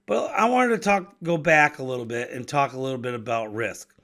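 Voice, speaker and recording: Man in his fifties, bright voice, medium pitch, casual solo host, restarts words, chuckles often. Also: brisk. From Wisconsin. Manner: conversational, repeats and restarts words, laughs between thoughts. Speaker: podcast host and business owner.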